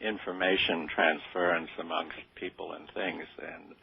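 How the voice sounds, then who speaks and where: As a guest on a radio interview, an older man speaks in a low, steady voice with vocal fry at a measured pace. He comes across modest and hesitant, with plenty of fillers and restarts, and the sound is tinny, like a phone.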